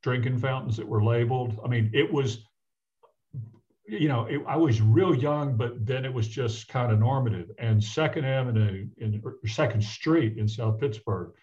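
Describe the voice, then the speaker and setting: An older man from the American South, a physician guest, telling a personal story in an earnest, halting way with frequent restarts. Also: medium pitch, a little mellow. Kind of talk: reflective personal storytelling in conversation. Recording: dull lo-fi audio.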